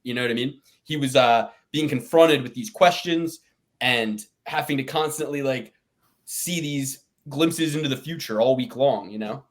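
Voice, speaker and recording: A man with a mid-range voice talks at a moderate pace while co-hosting a podcast. He rambles through a casual chat, ranting and swearing often.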